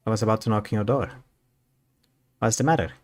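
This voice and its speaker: A man reading the lines of a decisive young male class leader in a story game, in a brisk, organizing way. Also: fairly low pitch, close to an everyday voice.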